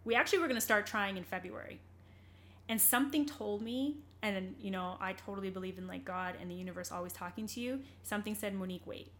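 An earnest young woman, a guest in an interview, shares her story candidly in conversation, rambling with many fillers and restarts. Her medium-pitched voice is quick and fairly bright, with a little hiss or hum on the recording.

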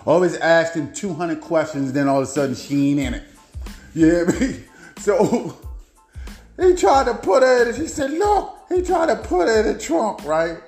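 A man hosting his own show, telling family stories in a rambling, animated way with frequent laughs. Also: high voice, moderate pace, reverberant, faint music behind. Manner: rambling, animated, laughs often, repeats himself. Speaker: podcast host and author. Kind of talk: casual personal storytelling.

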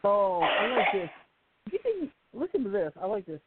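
A woman's voice: mid-range voice, normal speed, heavy background noise. A woman co-hosting a casual talk show, chatting and reading out the show's sign-off in an upbeat way. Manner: lively, upbeat delivery. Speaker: co-host. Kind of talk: casual chat, signing off the show. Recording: phone-line internet radio call.

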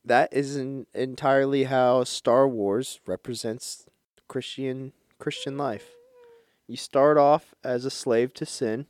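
A man hosting a casual podcast chat, retelling stories in an animated, slangy way. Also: mid-range voice, slow pace. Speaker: podcast host.

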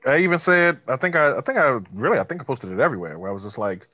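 A man's voice: medium pitch, animated, racing, sharp tone, no echo. A man co-hosting a podcast, talking casually, bluntly and profanely. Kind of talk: casual chat. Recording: dull, dry recording.

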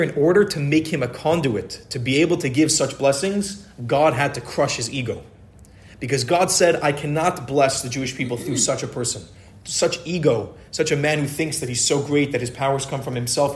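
Male Torah teacher, mid pitch, emphatic storyteller who circles back to his points. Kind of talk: weekly Torah portion lesson.

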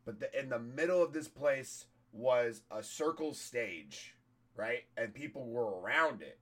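A hoarse-voiced man, a comedian, telling a story in casual, profane podcast chat. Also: medium pitch, expressive, a little slow.

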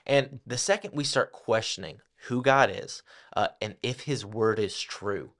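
A man's voice: fairly low pitch, measured pace, a bit bright. A man co-hosting a Bible teaching podcast, explaining casually and peppering his speech with "like". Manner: casual explaining with many "like" fillers. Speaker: podcast co-host.

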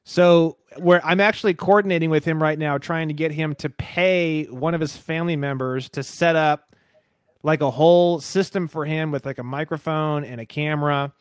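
A fairly high-voiced man hosts a podcast, rattling through stories with plenty of swearing and playful impressions. His voice is recorded dry and close, with no room sound. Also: moderate pace, smooth, no room sound. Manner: swears a lot, excitable storytelling, does impressions. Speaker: podcast host. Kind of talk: casual chat.

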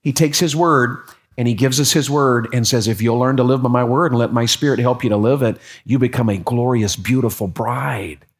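A middle-aged man preaching a sermon, telling a personal story with lively repeats and sudden rises in his voice. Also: mid-range voice, normal speed. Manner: animated storytelling, repeats words, voice jumps up when excited. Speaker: pastor.

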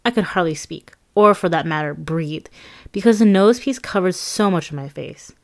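A woman reading her own memoir aloud as an audiobook, in a conversational, lively and self-mocking way. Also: lowish voice, moderate pace, gravelly.

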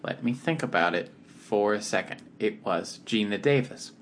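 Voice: low-pitched, expressive, moderate pace, slight background noise. A podcast co-host chatting casually, with a dry, teasing, contrary manner. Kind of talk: casual chat.

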